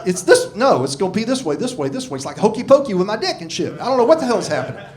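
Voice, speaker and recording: Racing through his material, a sixty-something stand-up comic rants and swears on a club stage into a handheld mic. His high voice swings widely in pitch and has a somewhat dark tone, while the audience laughs in this live club recording.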